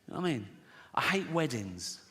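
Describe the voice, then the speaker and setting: A man's voice: medium pitch, very animated, fairly quick, fairly bright tone, long reverb tail. An older man performing a stand-up comedy set in a sardonic, swearing manner, often acting out mocking voices.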